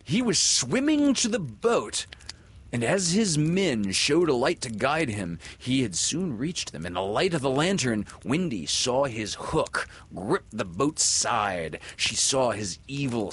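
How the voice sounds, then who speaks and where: A man narrating a classic children's story aloud with an expressive, dramatic delivery. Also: lowish voice, husky.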